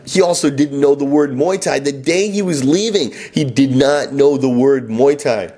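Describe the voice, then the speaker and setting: Husky middle-aged male storyteller, wry and self-mocking. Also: medium pitch, normal speed, mellow. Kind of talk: first-person storytelling.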